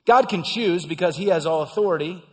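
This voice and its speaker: A man preaching a sermon as pastor, talking conversationally and swinging between loud, excited asides and hushed emphasis. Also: high voice, a little fast, big-room sound.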